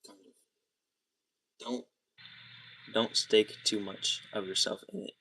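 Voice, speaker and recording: A man's voice: fairly low pitch, fairly even intonation, fairly bright tone, a little hiss or hum. A young man chatting casually on a livestream from his bedroom, rambling and restarting his sentences. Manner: rambling, halting, many restarts.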